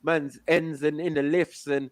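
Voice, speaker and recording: Man from London, emphatic host, slightly high voice, dry close sound. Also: flat delivery, a little slow, no room sound. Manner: emphatic, drops to low murmurs, frequent "you know what I mean". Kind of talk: casual live panel chat.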